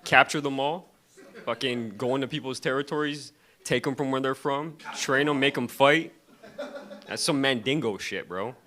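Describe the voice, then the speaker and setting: A man's voice: mid-range voice, bright, forceful tone. A young man doing a loose, crowd-baiting stand-up set on a comedy club stage, laughing between his lines. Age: young adult.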